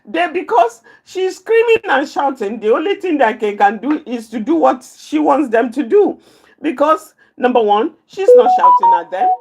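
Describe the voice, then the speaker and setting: A woman giving a live teaching talk on managing anger, repeating key phrases emphatically and pointing out positions with her hands. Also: sits high.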